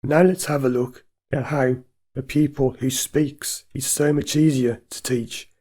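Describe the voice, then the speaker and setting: A man's voice: mid-range voice, steady tone, measured pace, mellow, slightly rough. A man, a driving instructor giving blunt, emphatic advice straight to camera.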